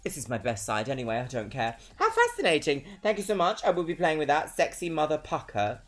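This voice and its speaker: A young London woman with a London accent chats casually on a live stream, bubbly and giggly, laughing often. Her voice is low, with huge swings in pitch, and she talks a little fast.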